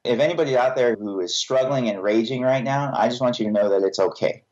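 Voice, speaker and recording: A man's voice: mid-range voice, quick pace, a little mellow, lo-fi sound. A male podcast guest giving a frank, earnest personal testimony with a self-deprecating edge.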